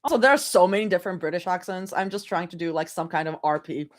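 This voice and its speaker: A woman's voice: on the low side, fast talker. A woman live-reading fanfiction aloud, often breaking off to laugh and chat with her viewers. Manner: giggly, breaks off to react and chat. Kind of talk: live reading with chatty reactions.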